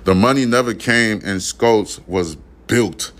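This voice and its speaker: A podcast host with a lowish, fairly bright voice reads news stories aloud at a slow pace. He keeps breaking off into profane, slangy asides to his listeners, adding casual commentary.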